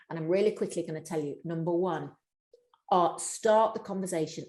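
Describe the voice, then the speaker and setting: A woman giving a long, practical answer on workplace mental health during a live session. She talks fast, restarts sentences often and speaks straight to her audience. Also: fairly low pitch, warm tone, roomy sound. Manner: fast-talking, with many restarts. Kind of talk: live webinar answer to a question.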